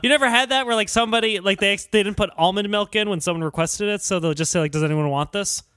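A man co-hosting a casual comedy music podcast, joking and talking in quick animated bursts. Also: sits high, clean tone, dry recording, studio quality. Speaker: podcast co-host.

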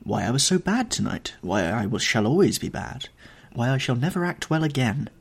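A man reading the part of a rapturous young actress in a lyrical, lifted voice, with a husky tone. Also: mid-range voice, big pitch swings, moderate pace, full character voice.

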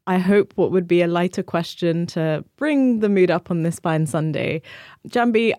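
A woman moderates the interview and guides it along in a friendly manner. Her voice sits on the low side. It is recorded close and dry. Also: darkish tone, no room sound. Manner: friendly, guiding the conversation. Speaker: host.

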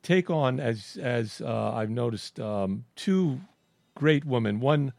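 A man from Miami hosting an interview, asking questions in a hesitant, halting way with ums and restarts. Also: medium pitch, animated, vocal fry, darkish tone, dry recording. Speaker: interview host. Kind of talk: casual interview chat.

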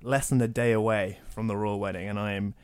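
A man hosting a podcast, chatting casually with sardonic jokes and quick asides. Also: lowish voice, steady tone, a little mellow, clear, resonant tone. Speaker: podcast host. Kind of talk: casual chat.

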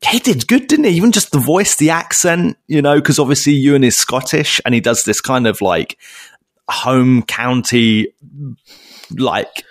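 Lively, chatty man. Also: medium pitch, a little slow, dry recording, studio quality. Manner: chatty, enthusiastic, banter with slang like mate. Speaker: podcast co-host. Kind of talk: casual chat reviewing a TV episode.

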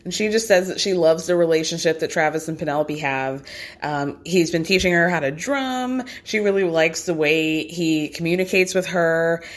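A woman's voice: lowish voice, normal speed. A young woman casually recapping a reality show in a gossipy, chatty way, full of asides.

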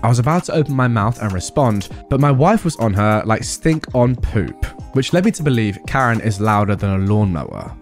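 A man's voice: on the low side, lively intonation, fairly quick, few pauses. Guy telling a story, lots of snark and jokes, voice bouncing all over, faint music behind. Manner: sarcastic, comic asides. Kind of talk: storytelling narration.

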